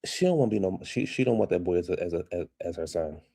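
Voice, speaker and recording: Man, gossipy recap host, deep-ish voice, dry close sound. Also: animated, quick pace, creaky, mellow, slightly rough, no room sound. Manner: sassy, gossipy, talks straight to viewers. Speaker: reality show recap host. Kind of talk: casual recap commentary.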